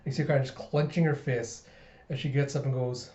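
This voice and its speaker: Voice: medium pitch, fairly even intonation, fairly quick, dark tone. An anime reviewer casually retelling scenes and laughing often while recapping. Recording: roomy, slightly dull recording.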